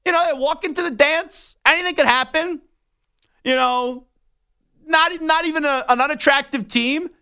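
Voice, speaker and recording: Bright-voiced man hosting sports radio. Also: very high-pitched, normal speed. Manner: animated storytelling with rambling restarts. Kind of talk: sports talk radio monologue. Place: radio studio.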